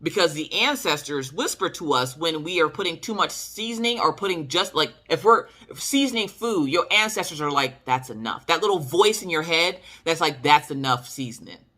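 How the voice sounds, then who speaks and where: A woman's voice: fairly low pitch, expressive, moderate pace, few pauses, pushed and bright. A woman with a Southern US accent telling a story to her viewers in a sassy, emphatic way. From Southern United States. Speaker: vlogger. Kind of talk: casual storytelling to camera.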